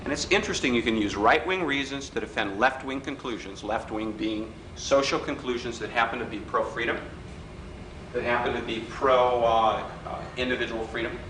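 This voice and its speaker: A middle-aged man giving a live workshop lecture in a hotel function room, an animated, wisecracking storyteller who mimics the people in his stories. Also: mid-range voice, moderate pace. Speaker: workshop speaker. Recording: roomy hall recording with faint background noise.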